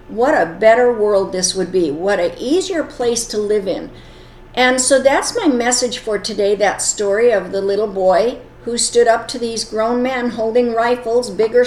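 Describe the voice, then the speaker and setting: An earnest woman telling a moral story and then explaining its lesson, with plain wording. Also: a little high. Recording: echoey room.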